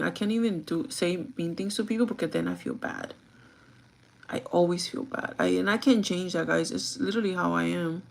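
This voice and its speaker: A woman's voice: on the low side, gravelly. A woman chatting casually on a get-ready-with-me livestream, venting and swearing freely, slipping between English and Spanish. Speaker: vlogger.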